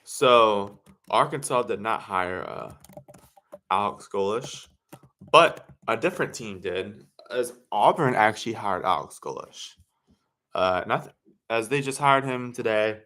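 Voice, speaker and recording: Rambling low-voiced man hosting a sports stream. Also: lively intonation, bright, forceful tone. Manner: rambling, halting, self-correcting with many fillers. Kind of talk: casual livestream commentary.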